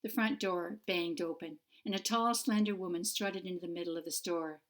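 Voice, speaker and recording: A woman author narrating her own fantasy novel in a clear, measured storytelling manner. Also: fairly low pitch, fairly even intonation, slight background noise. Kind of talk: audiobook narration.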